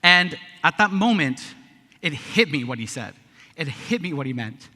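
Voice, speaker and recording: A man's voice: on the high side, sing-song, moderate pace, sharp tone. A man in his thirties giving a speech at a conference, talking in a conversational way and often tagging on a question. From Canada. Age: 30s. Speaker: conference speaker. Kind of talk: speech to a live audience. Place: large conference hall. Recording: echoey hall.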